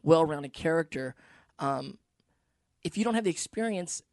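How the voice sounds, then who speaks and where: A man's voice: on the high side, expressive, moderate pace, no room sound, studio quality. A man, an actor, talking earnestly in a casual podcast chat, thinking aloud with restarts. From United States. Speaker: actor guest.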